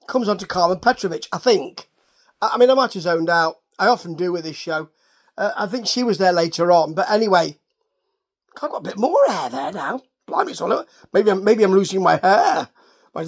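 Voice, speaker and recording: A man's voice: high voice, gravelly. A man giving a casual, rambling recap of a wrestling show, wry and full of asides.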